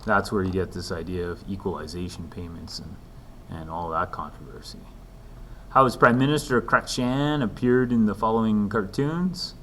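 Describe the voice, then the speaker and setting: A man's voice: low voice, normal speed, fairly bright tone, a little hiss or hum. A man teaching a recorded lesson in a conversational way, with frequent ums and dry asides. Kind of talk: recorded lecture walkthrough.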